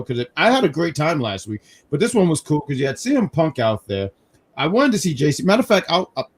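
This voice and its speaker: A man from New York hosting a casual live wrestling review stream, telling animated stories with self-mocking jokes. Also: fairly high pitch. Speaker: podcast host.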